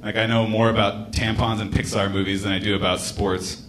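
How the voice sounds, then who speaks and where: A man's voice: fairly low pitch, flat delivery, brisk, a bit bright, a little hiss or hum. A man in his late twenties doing a rambling, laid-back stand-up set in a comedy club, with casual swearing. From United States. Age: late 20s.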